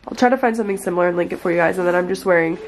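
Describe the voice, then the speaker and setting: A woman's voice: fairly low pitch, racing, rough recording. A young woman in casual, upbeat vlog chat, talking straight to her viewers from a hiking trail and her home. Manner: chatty and upbeat, addressing viewers directly. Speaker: vlogger.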